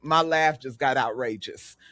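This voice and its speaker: A woman's voice: rumbling low, a little slow, dry recording. A woman in her late thirties hosting a podcast, chatting casually and animatedly, laughing often. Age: 30s. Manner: animated, laughs a lot, talks with repeated filler phrases. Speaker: podcast host. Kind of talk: casual chat.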